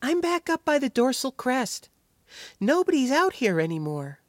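A man voicing a young woman technician in an audiobook, speaking high and worried. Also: sing-song, normal speed, no echo, clean studio sound. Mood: uncertain.

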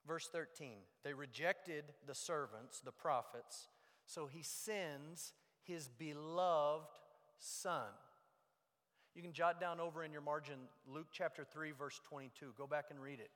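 Pastor guy giving a sermon, kinda high voice, gets loud then drops real low, big echoey church hall. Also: steady tone, a little slow. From United States. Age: young adult or middle-aged. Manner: dramatic, swings from loud emphasis to hushed low lines. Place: church sanctuary. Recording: long reverb of a large hall.

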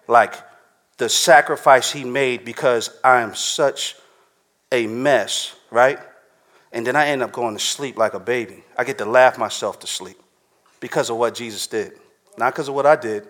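A man's voice: medium pitch, fairly bright tone. A man preaching a sermon to a live congregation in a casual, slangy, conversational way, often checking in with his listeners.

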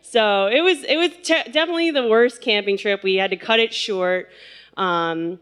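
A woman casually telling a funny personal story, animated, laughing and acting out quotes. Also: medium pitch, moderate pace, clean tone.

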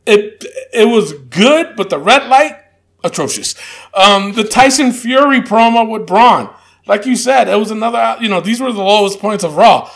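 A man co-hosting a loose chat show, with a voice that sits high and has a gravelly edge. He stumbles through fillers and restarts, then delivers blunt, dry verdicts. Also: expressive, moderate pace. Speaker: podcast co-host. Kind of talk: casual chat.

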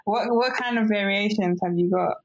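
A woman's voice: mid-range voice, moderate pace, no echo. A woman interviewer asking questions casually and hesitantly, often restarting her sentences. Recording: dull lo-fi sound.

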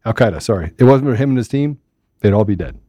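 A man's voice: fairly low pitch, lively intonation, fast talker, dark tone, no echo, studio quality. A man hosting a live podcast, teasing and coaxing a co-worker in casual banter, often laughing. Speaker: podcast host.

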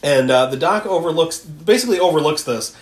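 A podcast co-host in a casual film recap chat, animated, laughing often and swearing while acting out quotes. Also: medium pitch, a little fast. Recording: echoey room.

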